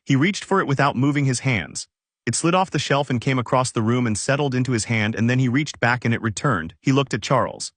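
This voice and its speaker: Man in steady scripted story narration. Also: mid-range voice, fairly quick, no echo.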